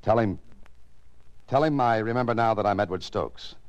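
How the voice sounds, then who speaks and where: An actor playing a wry, defiant writer held captive, who also narrates, in 1940s radio acting. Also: male voice, lowish voice, normal speed, no echo, highs cut off, natural voice. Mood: guarded. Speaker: narrator and lead.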